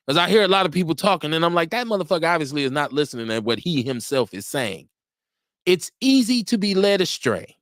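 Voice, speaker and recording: A man hosting a casual political talk show, animated and profane, laughing often. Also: a little fast, no echo, studio quality. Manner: animated, laughs often, profane, jumps high in pitch for quoted voices. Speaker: livestream radio show host. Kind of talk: casual political talk reading chat comments.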